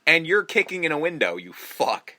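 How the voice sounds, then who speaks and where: A man talks through a film in a loose, profane way, jumping into quick voices for the characters. His tone is bright and forceful. The sound is dry and close to the mic. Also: on the high side, no room sound. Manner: profane, animated, acts out scenes in voices. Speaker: podcast co-host. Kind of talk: casual movie review chat.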